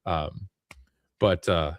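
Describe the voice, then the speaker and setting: A man in casual chat, telling a long rambling story in an animated way. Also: deep voice, extremely slow, no room sound.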